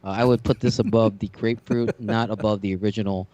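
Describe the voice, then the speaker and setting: A man in casual podcast chat, talking hesitantly with halting restarts. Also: lowish voice, fairly even intonation, a little mellow. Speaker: podcast co-host.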